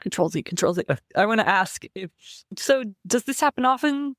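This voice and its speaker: A woman's voice: on the high side, animated, moderate pace, no echo, clean studio sound. A woman playing a tabletop game, politely asking questions in a casual tone. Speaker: player.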